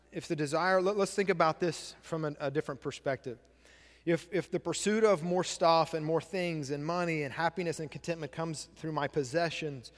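A man's voice: a little high, big-room sound. A male pastor giving a sermon, repeating key phrases and asking the congregation questions. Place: church sanctuary.

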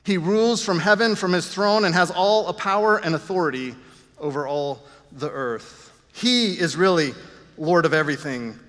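A man's voice: a little high, normal speed, fairly bright tone, big-room sound. A man preaching a sermon, earnest with self-deprecating asides. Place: church.

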